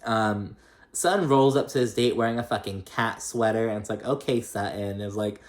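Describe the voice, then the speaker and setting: Young guy doing a reality show recap, swears a lot, laughs, does squeaky voices when quoting people. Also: moderate pace. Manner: chatty and profane, laughing often, mimicking cast members in a high voice.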